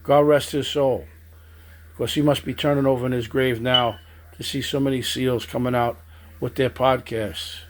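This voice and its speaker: A man's voice: medium pitch, fairly even intonation, normal speed, noisy background. A man giving a stern political monologue, accusing and addressing people directly. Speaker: political commentator.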